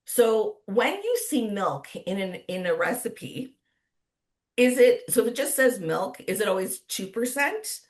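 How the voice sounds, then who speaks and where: A woman's voice: a little high, very animated, a little slow, darkish tone. A woman with a Canadian accent moderating an online cooking class in a chatty, upbeat way, laughing often. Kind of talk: casual livestream chat.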